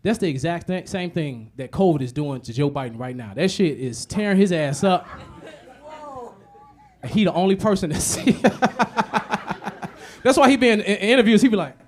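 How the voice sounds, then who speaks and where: A man performing a stand-up comedy set. His delivery is animated and profane, and he swings between muttered asides and loud punchlines. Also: high voice, normal speed. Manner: animated, profane storytelling with many repetitions.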